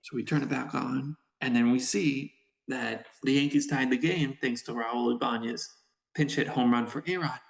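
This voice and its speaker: A man co-hosting a podcast in casual chat, telling a story with animated, acted-out reactions. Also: mid-range voice, moderate pace, gravelly, reverberant. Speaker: podcast co-host.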